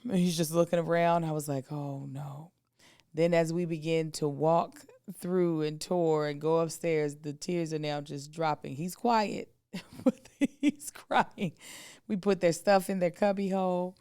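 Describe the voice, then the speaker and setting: A woman in her thirties, co-hosting a podcast, telling a family story in a casual, animated way and acting out the other people's voices. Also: low-pitched, measured pace, clear, resonant tone, dry recording, studio quality. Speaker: podcast co-host.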